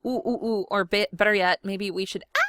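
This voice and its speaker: A woman chats through a software demo from home. She rambles in a friendly, self-deprecating way and laughs at herself often. Her voice sits at an ordinary pitch and sounds close and dry on the mic. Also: no echo. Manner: chatty, self-deprecating, giggly. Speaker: scrapbooking video host. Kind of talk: casual chat while demonstrating software. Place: home room.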